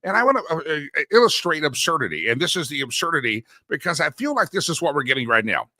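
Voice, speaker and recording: Man, middle-aged, talk host, sarcastic rant, higher voice, dry close sound. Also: big pitch swings, fast, sharp tone, no room sound. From Texas. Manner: sarcastic, ranting, laughs at his own jokes. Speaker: radio talk show host. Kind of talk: opinionated monologue.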